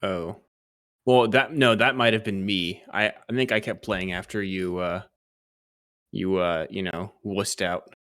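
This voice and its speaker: Casting: male streamer, a bit low-pitched, chatty and teasing, laughs a lot. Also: fairly even intonation, unhurried, a bit bright. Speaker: streamer co-host. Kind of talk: casual chat.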